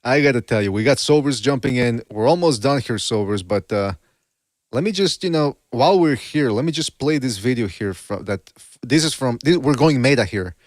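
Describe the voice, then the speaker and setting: A man hosting a casual boxing podcast, animated and full of rhetorical questions, often repeating himself. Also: mid-range voice, normal speed, no echo, studio quality. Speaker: podcast host.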